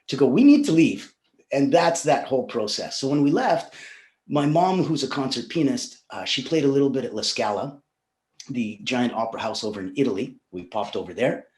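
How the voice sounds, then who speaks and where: A man's voice: medium pitch, animated, normal speed, a little mellow. A man, a guest telling stories in a casual interview and laughing often. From Russia, raised in Canada. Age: 40s. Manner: chatty storyteller, laughs often. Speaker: podcast guest. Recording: roomy echo.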